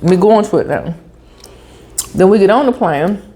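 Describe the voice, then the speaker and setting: A woman vlogger, telling a story in a chatty, animated way with asides like "honey" and "baby" while she eats. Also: medium pitch, moderate pace. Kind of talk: casual storytelling while eating.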